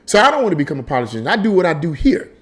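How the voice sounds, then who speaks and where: A man's voice: fairly high pitch, rapid-fire. A man hosting a casual political commentary monologue, emphatic and conversational, repeating his points as he tells a story. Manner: animated storytelling with frequent repetition. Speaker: political commentary channel host.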